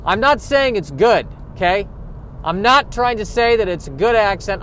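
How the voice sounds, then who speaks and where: Rambling self-deprecating man, slightly high voice. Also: animated, moderate pace, fairly bright tone, slight background noise. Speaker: podcast host. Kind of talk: casual monologue. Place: in a car while driving.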